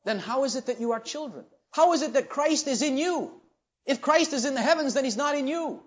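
Guy preaching a sermon, high voice, goes quiet then loud, lots of rising questions. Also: lively intonation, fairly quick. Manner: dramatic preaching, swings from low asides to loud rising questions.

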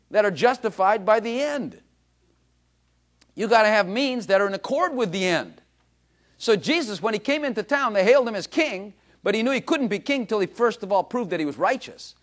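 This is a male pastor delivering a sermon in an animated, humorous storytelling manner. His voice sits a little high and rises and falls widely as he calls out to the congregation.

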